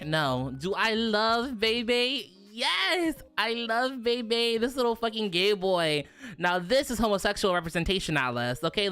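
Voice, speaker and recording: Young woman, casual stream chat, bright forceful voice, swears a lot, faint music underneath. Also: on the low side. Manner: animated, profane, quick to laugh. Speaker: virtual streamer.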